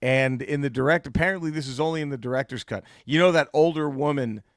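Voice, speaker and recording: A man co-hosting a comedy podcast, chatting casually and profanely, animated and quick to laugh. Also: medium pitch, dry recording, studio quality. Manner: animated, profane, laughs a lot, does mock impressions. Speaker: podcast co-host.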